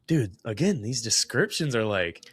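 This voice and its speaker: A young man co-hosting a podcast in casual chat, reading a story aloud in an animated way and laughing often. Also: mid-range voice, normal speed, slightly rough. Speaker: podcast co-host.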